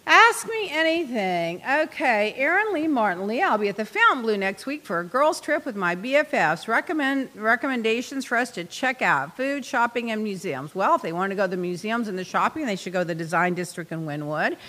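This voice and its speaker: A woman's voice: on the high side, animated, a little fast, few pauses, bright, forceful tone, big-room sound. A woman hosting a podcast in a studio, chatting casually and laughing often as she tells stories. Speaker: podcast host. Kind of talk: casual chat.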